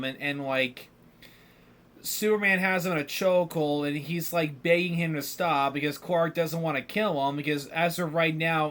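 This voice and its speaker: A man's voice: on the high side, fairly bright tone. A man hosting a podcast, ranting in casual solo commentary with lots of filler words and restarts. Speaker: podcast host.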